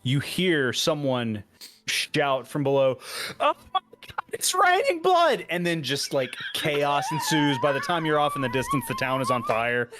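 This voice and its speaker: A man acting as game master, narrating a tabletop game in a relaxed, matter-of-fact way. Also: on the high side, normal speed.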